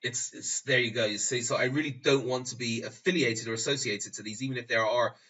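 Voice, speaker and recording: A man with a mid-range voice talks at a fairly quick clip in a steady tone that sounds pushed and bright. As a tutorial host, he casually narrates a screen-recorded tutorial, rambling and restarting his phrases while he explains. The recording has a dull lo-fi quality, with him sitting distant from the mic.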